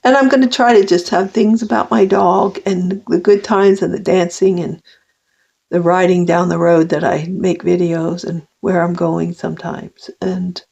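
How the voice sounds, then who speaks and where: Older woman with a gravelly voice. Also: lowish voice, darkish tone. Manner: rambling, heartfelt, with frequent restarts. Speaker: vlogger. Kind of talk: personal confessional monologue. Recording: dull lo-fi recording.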